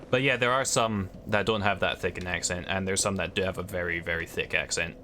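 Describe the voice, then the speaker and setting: A man's voice: low voice, bright, forceful tone, slight background noise. A Scottish man streaming a video game, chatting casually with viewers and rambling as he answers their questions. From Scotland. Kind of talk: casual chat while gaming.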